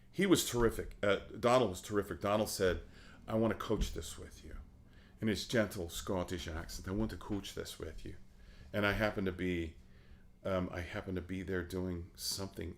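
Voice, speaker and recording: A middle-aged man, an opera singer, telling stories in a casual interview, animated and laughing often. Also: sits low.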